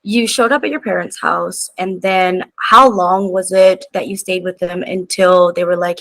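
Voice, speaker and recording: A woman interviewer with a lowish voice and a creaky, gravelly grain asks gentle follow-up questions. Her tone is empathetic and reflective. The recording is dry and close-miked. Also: steady tone, unhurried, few pauses, no echo, low-quality recording. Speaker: podcast host. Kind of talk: interview conversation.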